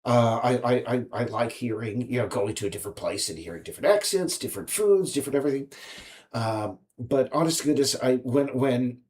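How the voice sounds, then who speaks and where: A man's voice: medium pitch, darkish tone. A man, an indie game developer, talking alone in a rambling monologue, stopping and restarting often. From United States. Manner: halting, many restarts and fillers.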